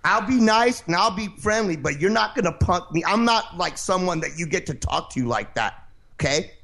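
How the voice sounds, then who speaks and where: Arguing hotly with a caller on his call-in show, a man interrupts, curses, and keeps pushing to complete his point in a defensive way. His high-pitched voice is animated, gravelly, and somewhat bright, at a normal pace.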